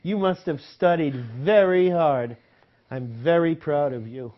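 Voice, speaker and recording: A woman's voice: low-pitched, expressive, a little slow. A woman playing a parent praising her child in a sing-song way. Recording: dull lo-fi audio.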